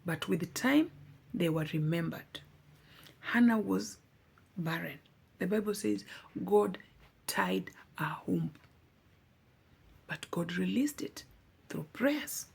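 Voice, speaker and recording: Woman, slow earnest testimony, pleading, husky gravelly voice. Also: fairly low pitch, animated, darkish tone. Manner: earnest, pleading, repeats for emphasis. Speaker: vlogger. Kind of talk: heartfelt personal testimony.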